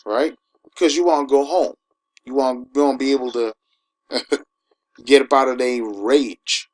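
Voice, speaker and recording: A man giving an informal sermon, emphatic and conversational, who keeps asking his listeners "all right?" and slows down to read scripture. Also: mid-range voice, low-quality recording. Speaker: preacher.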